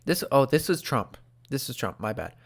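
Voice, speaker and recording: A man hosting an opinionated commentary show, animated and sarcastic, talking close to the microphone. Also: mid-range voice, normal speed, vocal fry, slightly rough. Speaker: host.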